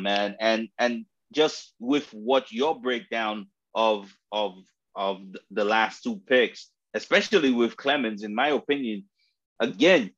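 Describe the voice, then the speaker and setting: A man chats casually about football on a podcast, hesitant and searching for his words, quick to laugh. His pitch is middling. His audio sounds a bit dull and lo-fi. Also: a bit bright. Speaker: sports podcast co-host.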